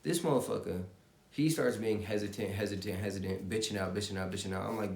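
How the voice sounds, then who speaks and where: A man's voice: on the low side, quick pace, gravelly, a little mellow. A man giving a profane, intense motivational rant, repeating himself and swearing constantly. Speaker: motivational vlogger. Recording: roomy echo.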